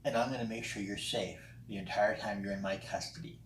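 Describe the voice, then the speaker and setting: Reacting to a friend's video, a vlogger speaks a little fast in a lowish, fairly even voice. He's blunt and swears, often stumbling over ums and restarting sentences, and the casual monologue carries a roomy echo over faint noise.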